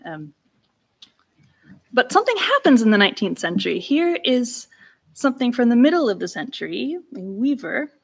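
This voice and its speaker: A woman's voice: on the high side, sing-song, moderate pace, gravelly, breathy edge. A woman giving an academic lecture-recital, talking casually with restarts and breaking into sliding, exaggerated inflections to demonstrate old speech styles. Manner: demonstrates speech inflections with sung-like slides and exclamations; conversational, with restarts. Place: lecture room.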